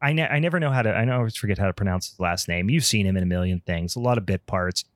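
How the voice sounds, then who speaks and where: Low-voiced man in casual podcast chat. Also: fast, no echo, clean studio sound. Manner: profane, rambling, frequent ums. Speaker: podcast host.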